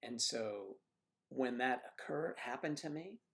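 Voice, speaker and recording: An older man with a gravelly, mid-range voice hosts a casual livestream from home. He wanders through anecdotes, restarting sentences and clearing his throat as he goes. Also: mid-range voice, animated, normal speed. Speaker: livestream host. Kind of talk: casual chat reading viewer comments.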